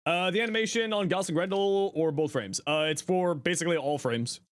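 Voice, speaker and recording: Young Canadian male streamer, Canadian accent, slightly high voice, laid-back and foul-mouthed, laughs a lot. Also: brisk, dry recording. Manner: laughs often and swears freely. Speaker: game streamer. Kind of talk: casual livestream chat.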